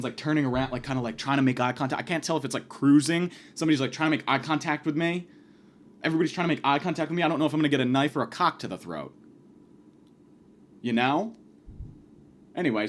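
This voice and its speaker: A man hosting a podcast, telling a rambling, profane comic story in a casual, animated way. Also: mid-range voice, a little hiss or hum. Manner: profane, rambling, fast, lively delivery. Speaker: podcast host.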